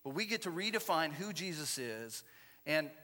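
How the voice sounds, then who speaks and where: A man talking quickly and reflectively in a conversation. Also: a little high, sing-song, sharp tone, big-room sound.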